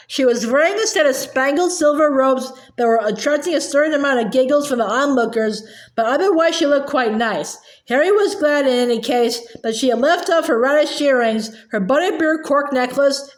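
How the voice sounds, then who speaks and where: Woman reading a novel aloud, halting. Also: high-pitched. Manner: halting, with frequent uh fillers and restarts. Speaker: audiobook reader. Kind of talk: amateur read-aloud narration. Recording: roomy echo.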